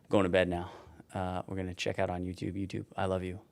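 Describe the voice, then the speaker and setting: A man's voice: low-pitched, completely flat delivery, quick pace, gravelly, no room sound. A tired man in his forties, a streamer casually signing off a livestream and rambling as he thanks viewers by name. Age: 40s.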